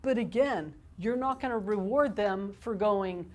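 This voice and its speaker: A woman giving a live parenting workshop to an audience, talking in an energetic, animated way and laughing often. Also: medium pitch, a little slow, few pauses.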